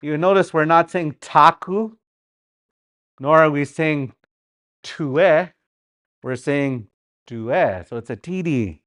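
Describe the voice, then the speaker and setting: A Dakota teacher from Sioux Valley runs a live-streamed classroom session with a playful touch, walking around the room and repeating words for students to practise. Medium-pitched and smooth, the voice moves at a moderate pace with hardly any pauses, recorded in studio quality without room sound.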